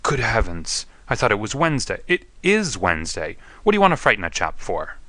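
A man's voice: fairly low pitch, huge pitch swings, a little fast, bright, forceful tone, no room sound, exaggerated voice. A man voicing a haggard, befuddled young male opium addict, confused and pleading as if close to tears. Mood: dazed, pleading. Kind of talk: audiobook character reading.

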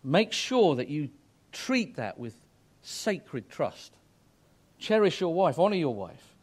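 A man's voice: fairly high pitch, big pitch swings, slow pace, breathy edge. A middle-aged man preaching a sermon to married couples, earnest and emphatic, rising to fervent exhortation.

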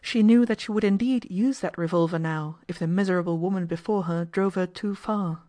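A woman narrates a classic novel as an audiobook, her delivery measured and even. She keeps a steady storytelling pace, letting the prose carry the tension. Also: fairly low pitch. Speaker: audiobook reader.

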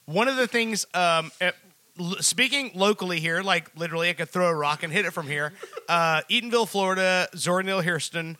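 High, bright-voiced man chatting. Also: a little fast, dry recording. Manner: profane, animated storytelling with put-on local voices. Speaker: podcast co-host. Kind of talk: casual chat.

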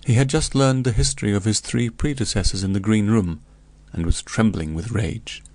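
A man reading a classic tale in the first person, measured and grave. His voice sits very low with a gravelly, creaky texture throughout. The delivery is steady and deliberate. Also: no echo. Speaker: audiobook narrator. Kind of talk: first-person storybook narration.

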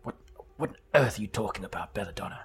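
A man's voice: on the low side, lively intonation, fast, fairly bright tone. A man voicing a nervous, prim male train passenger who stammers when flustered.

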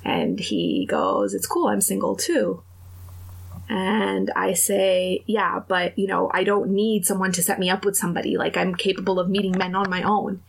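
A woman's voice: mid-range voice, normal speed, vocal fry, few pauses. A young adult woman on a podcast telling a dating story in casual chat, acting out the other people's lines. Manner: animated, acts out quoted dialogue.

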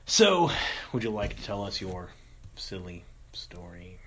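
Male host in his thirties, low voice, loose banter with a lot of swearing. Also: very animated, a little slow, fairly bright tone, a little hiss or hum. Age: 30s. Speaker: podcast host. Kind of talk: casual podcast chat.

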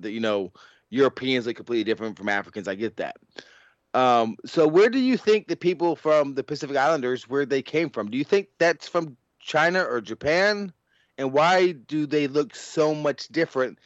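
A man's voice: mid-range voice, dry recording. Male podcast host, rambling and chuckly, dull lo-fi dry sound. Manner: rambling, laughs often, restarts. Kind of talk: casual podcast chat.

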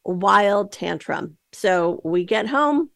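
A woman's voice: mid-range voice, animated, drawn-out words, creaky, a bit bright, dry recording, studio quality. A woman hosting a podcast, telling a story in a chatty, casual way with lots of fillers and asides. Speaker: podcast host.

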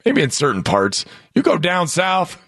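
A man's voice: a little high, unhurried, dry recording, clean studio sound. A man hosting a sports talk radio show, joking and telling stories in casual banter. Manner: joking, animated storyteller.

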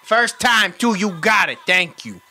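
A man voicing a hot-tempered, profane, streetwise caller on a prank phone call, loud and animated, swinging from rage to sweet talk. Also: high voice, a little slow, faint music behind, full character voice. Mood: boisterous.

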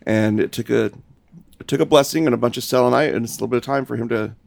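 A man's voice: medium pitch, fast talker, vocal fry, a little mellow, no room sound. A man, co-host and paranormal investigator, talking earnestly in casual chat and repeating words for emphasis.

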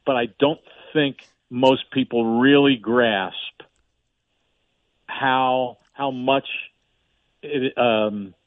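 A man co-hosting a sports radio show in casual talk, speaking haltingly with many restarts. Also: medium pitch, steady tone, no room sound. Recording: dry, tinny phone-line sound.

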